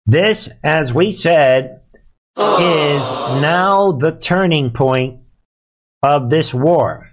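A man's voice: on the high side, expressive, very slow. Sarcastic, emphatic male commentary host. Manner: sarcastic and emphatic, addresses listeners as folks. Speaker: host of a live commentary show. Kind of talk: ranting live commentary.

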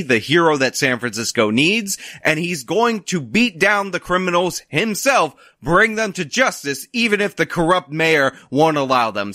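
Male commentator, sarcastic and mocking, lively swooping pitch, bright tense tone, dry close sound. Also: no room sound. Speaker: political commentator. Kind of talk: ranting commentary over news clips.

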